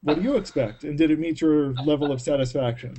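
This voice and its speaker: Sarcastic male panelist, high voice, emphatic, video-call audio. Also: fast talker, warm tone. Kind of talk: casual panel chat.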